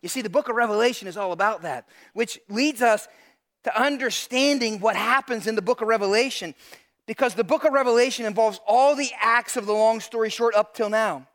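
A middle-aged man with a high voice preaches a sermon. He tells stories in an animated way and talks straight to the congregation in front of him. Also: a little fast. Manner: animated storytelling, addresses audience directly. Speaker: pastor.

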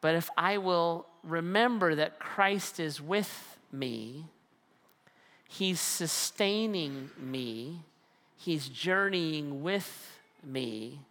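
A man preaching a sermon as a pastor, animated and acting out the voices he quotes. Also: fairly high pitch. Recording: long hall reverb.

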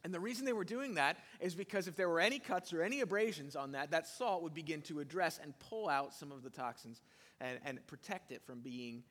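A man with a slightly high voice delivers a sermon from the pulpit. He leans hard into key phrases, then drops low and quiet. His voice carries a long reverb tail through the large hall. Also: brisk. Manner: animated preaching, rising and dropping loudness for emphasis. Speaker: pastor.

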